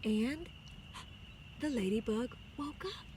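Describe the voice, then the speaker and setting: A woman, a music teacher, reading a picture book aloud to her students outdoors and pausing to explain words to the children. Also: a little high, animated, warm tone, a little hiss or hum. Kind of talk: storybook read-aloud. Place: outdoors on a chilly day.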